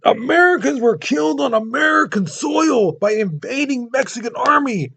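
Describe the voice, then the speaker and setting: A man acting out a furious national leader shouting outrage and demanding war. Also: very high-pitched, lively intonation, normal speed, creaky, slightly rough, voice pushed up, exaggerated voice. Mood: outraged shouting.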